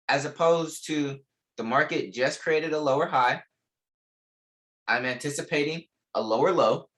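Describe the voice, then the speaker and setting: A man's voice: on the high side, a little slow, pauses often, a bit bright. Emphatic man teaching a live class. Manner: repetitive, emphatic, slangy teaching. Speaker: trading instructor.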